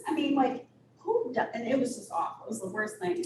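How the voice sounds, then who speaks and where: A woman's voice: high voice, very animated, moderate pace. Candid woman telling her story, echoey room. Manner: candid, storytelling, laughs often. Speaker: guest speaker. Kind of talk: personal story told to a meeting. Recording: echoey room from far off with noise.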